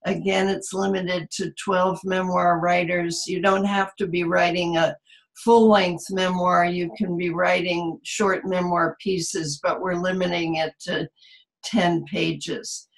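A middle-aged woman teaching a memoir seminar over a video call from home, talking in a halting way with many fillers. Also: lowish voice, level tone, vocal fry, poor audio. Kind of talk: online video call presentation. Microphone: computer mic on a video call.

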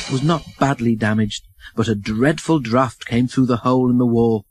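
A man narrating a children's storybook in an expressive, even reading. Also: mid-range voice, normal speed, over music, rough recording.

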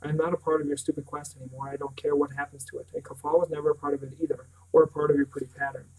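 Man reading bitter grieving boy, storybook, flat delivery, mic at a distance. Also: a little high, racing. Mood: bitter grief. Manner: bitter, pleading to be left alone. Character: grief-stricken angry young boy.

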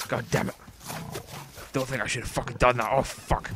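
A man giving comedic in-character commentary over a video game, swearing constantly and breaking into sudden excited outbursts. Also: mid-range voice, fairly quick, pauses often, noisy background. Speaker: gameplay commentator.

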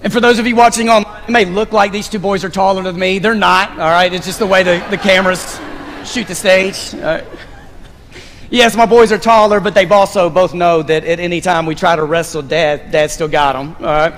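High-voiced pastor in an echoing sanctuary. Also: male voice, brisk, slight background noise. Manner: animated, directing volunteers on stage with playful asides. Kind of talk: sermon. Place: church stage. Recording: long reverb of a large sanctuary.

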